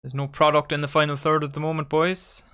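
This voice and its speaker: A man's voice: a little high, little pitch movement, quick pace, pushed and bright, clear, resonant tone. A man hosting a live football watchalong, giving casual play-by-play and bantering with his friends and viewers. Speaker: watchalong host. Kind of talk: casual live match commentary.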